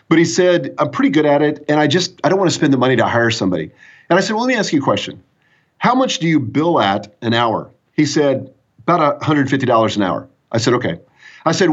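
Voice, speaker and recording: A man speaking as a podcast guest and business coach, telling an animated anecdote. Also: medium pitch, breathy edge, dull audio. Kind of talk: conversational storytelling.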